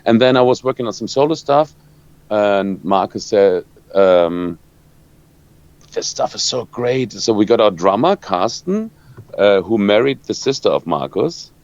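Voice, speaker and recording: A lower-pitched man with a German accent, talking through an interview in halting English and stopping often to hunt for the next word. The sound is dull and lo-fi, dry with no room around it. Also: sing-song, darkish tone, no room sound. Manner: halting, searching for words, many restarts. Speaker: rock guitarist. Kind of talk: interview answers.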